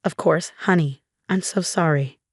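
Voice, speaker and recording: A woman's voice: lowish voice, a little slow, breathy edge, dry recording, studio quality. A woman reading the lines of an affectionate, upbeat friend in a storybook narration. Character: supportive, bubbly young woman friend.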